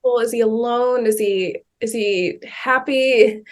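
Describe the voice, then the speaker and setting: Hesitant, higher-voiced young woman. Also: measured pace. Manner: hesitant, full of "like" and restarts, soft-spoken. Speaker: client at a reading. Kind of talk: casual conversation. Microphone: video call.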